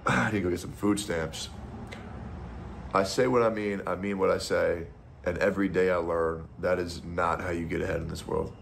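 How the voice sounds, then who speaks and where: A man's voice: deep voice, fairly even intonation, moderate pace, vocal fry, long pauses, a little hiss or hum. A man ranting bitterly as a streamer, sarcastic and profane. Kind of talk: ranting monologue.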